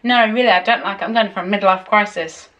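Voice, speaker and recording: Woman rambling away in her kitchen, excitable, swears a lot. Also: mid-range voice, fast, muffled recording, a little hiss or hum. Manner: chatty, excitable, swears freely. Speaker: vlogger. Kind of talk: casual vlog chat.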